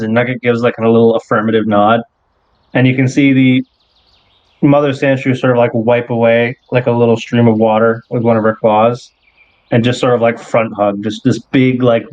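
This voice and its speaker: A man's voice: mid-range voice, dry recording, muffled recording. A man narrating a tabletop game as game master, loose and hesitant with many fillers.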